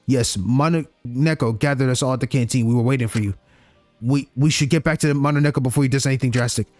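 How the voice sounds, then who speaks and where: A man's voice: mid-range voice, fast talker, darkish tone, dry recording, faint music behind, close to an everyday voice. A man reading the lines of a bossy, caring young woman from a game, in a fussy, scolding manner.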